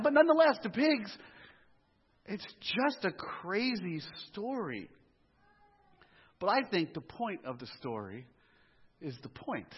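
A man's voice: high-pitched, sing-song, normal speed, breathy edge. A man preaching a sermon, with conversational asides and humor. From US inner city. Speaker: pastor. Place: church sanctuary. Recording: muffled live church audio, long reverb.

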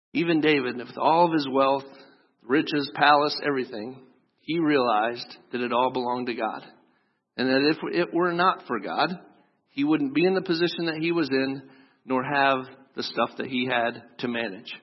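Animated pastor preaching, somewhat high voice. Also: male voice, in a large hall. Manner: animated, raises voice for quoted scripture, jokes with congregation. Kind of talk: sermon. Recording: dull lo-fi sound.

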